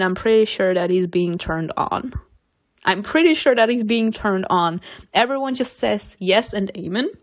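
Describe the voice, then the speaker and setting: A young woman gives casual reaction commentary as she plays through a story game. She is sassy and emphatic, and her mid-range voice shoots up sharply when she pushes back. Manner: sassy, emphatic, jumps up in pitch when protesting. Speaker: channel host playing a story game.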